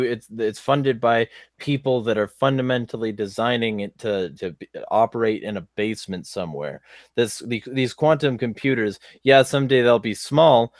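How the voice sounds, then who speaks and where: A man's voice: medium pitch, normal speed, no room sound, studio quality. A man hosting a casual podcast discussion, arguing bluntly with his guests. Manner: argumentative, blunt. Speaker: podcast host.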